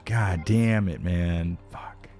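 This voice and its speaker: Low-voiced guy streaming a game, cursing, voice going hoarse, music faint behind. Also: lively intonation, moderate pace. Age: adult. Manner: frustrated, swearing, talking to chat; thanks donors. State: voice starting to go hoarse. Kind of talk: live gameplay stream chat.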